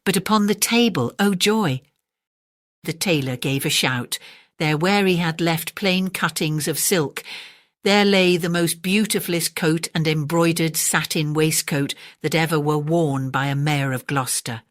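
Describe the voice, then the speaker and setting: A woman with an English accent reading a classic children's story aloud, gentle and expressive. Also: low voice, unhurried, no echo, studio quality. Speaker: audiobook narrator.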